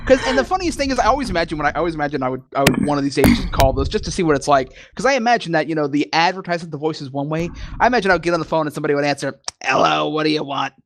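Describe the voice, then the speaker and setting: A man's voice: on the high side, expressive, very fast, hardly any pauses, background noise. A man co-hosting a casual chat, joking crudely and swearing freely. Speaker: co-host.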